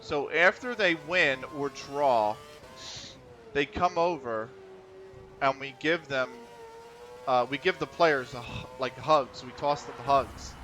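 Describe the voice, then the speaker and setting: A man's voice: medium pitch, slow pace, sharp tone, faint music behind. A man streaming a racing game, telling rambling stories in a loose, chatty way. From United States. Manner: rambling, chatty storytelling with frequent laughs. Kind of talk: casual chat while gaming.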